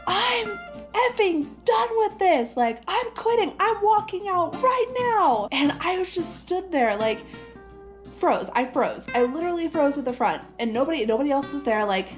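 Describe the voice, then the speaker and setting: Young woman vlogging a storytime, animated and laughy, kinda high voice, soft guitar behind. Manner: animated, laughing, filler-heavy. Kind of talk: casual storytime vlog.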